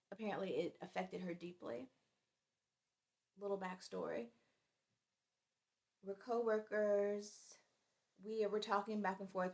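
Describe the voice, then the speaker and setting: In a casual storytime vlog, a woman in her forties recounts something from work, chatty and exasperated. Her voice is mid-range and creaky.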